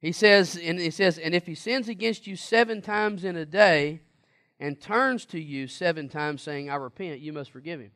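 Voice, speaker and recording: A man's voice: on the high side, normal speed, a bit bright. A man preaching a sermon in a conversational, emphatic way and asking the congregation questions.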